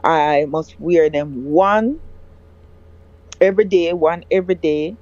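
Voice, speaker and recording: A woman recounting a personal story as a guest, halting and often restarting her words. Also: deep voice, darkish tone. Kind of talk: emotional personal account. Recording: dull lo-fi dry sound.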